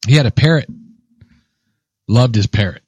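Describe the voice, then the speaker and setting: A man co-hosting a casual podcast, telling stories in a lively, joking way and acting out what people said. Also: medium pitch, normal speed, slightly rough, no room sound. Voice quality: lively, joking storyteller who acts out quotes. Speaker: podcast co-host. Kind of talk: casual chat.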